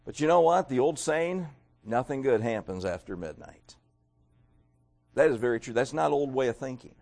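A middle-aged man preaching a sermon, talking straight to his congregation and swinging from loud emphatic peaks to quieter asides. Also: mid-range voice, lively intonation, normal speed, creaky. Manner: emphatic preaching with rising and falling loudness; addresses the congregation directly. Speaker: pastor.

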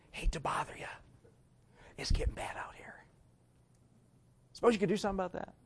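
Male pastor, lively sermon delivery, raised voice, dramatic hush-and-boom swings. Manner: animated preaching with sudden loud and hushed swings.

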